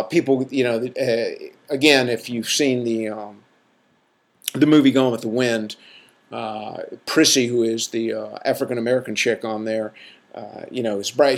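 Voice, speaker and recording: A middle-aged man, a clinician, talking casually for a podcast, rambling with many fillers and self-corrections, frank and jokey. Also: mid-range voice.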